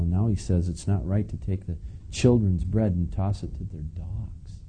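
Man, pastor, conversational sermon, very dark tone, somewhat low voice. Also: normal speed, breathy edge, low-quality recording. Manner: conversational, asides to the congregation. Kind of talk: sermon teaching.

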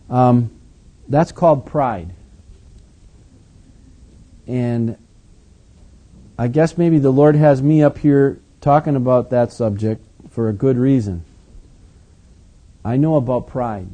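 A male pastor delivering an animated, emphatic sermon with conversational asides. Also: mid-range voice, slow, pauses often.

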